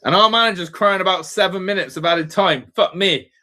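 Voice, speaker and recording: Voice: medium pitch, brisk, sharp tone. A football fan ranting in exasperation, repeating complaints about the team.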